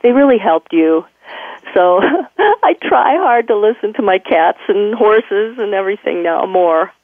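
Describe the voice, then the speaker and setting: A woman's voice: mid-range voice, a little slow, dry recording. Woman veterinarian on a tinny phone line. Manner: lively, laughs often, acts out quotes. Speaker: veterinarian and author guest. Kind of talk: animated conversational storytelling.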